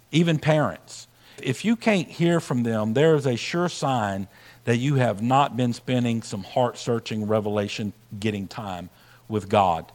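A man preaching from the pulpit in a sermon. His delivery keeps swelling louder and then dropping low. He asks the congregation questions as he goes. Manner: lively preaching, rising and dropping loudness, asks the crowd questions. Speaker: pastor.

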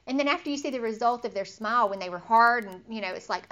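A woman's voice: fairly high pitch, fast, few pauses, a bit bright. Lady doing a casual bible lesson, chatty, acts out what people say, laughs a lot. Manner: chatty, acts out quoted inner thoughts, laughs easily. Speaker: Bible study teacher. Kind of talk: informal Bible teaching.

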